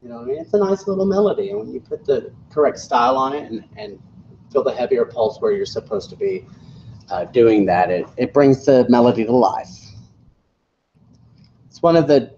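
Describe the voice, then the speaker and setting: A man's voice: medium pitch, dark tone, slight background noise. A male music teacher giving a classroom lesson, counting beats aloud and explaining rhythm. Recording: echoey distant classroom recording, dull.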